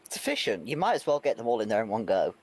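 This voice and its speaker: A man's voice: fairly low pitch, big pitch swings, racing. A man playing a tabletop game, joking casually with the table. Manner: joking banter. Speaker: player.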